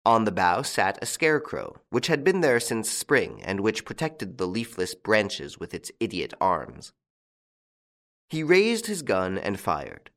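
A man narrating a classic story with a steady, measured reading. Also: lowish voice. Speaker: audiobook narrator. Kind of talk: scripted narration.

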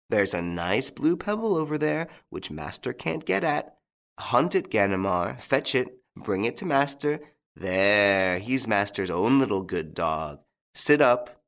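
A man voicing a mocking, playful gentleman thief in an audiobook, teasing and taunting with big swings in pitch. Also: gravelly. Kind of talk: audiobook character reading.

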